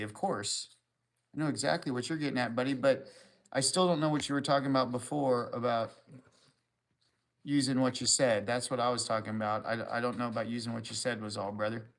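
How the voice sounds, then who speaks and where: A man hosting a live stream in a mid-pitched voice, bantering loosely with his viewers. He rambles from joke to joke with a crude sense of humor, reading comments as they come in and answering them like friends hanging out. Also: fairly quick. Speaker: livestream host. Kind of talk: casual livestream chat, reading comments.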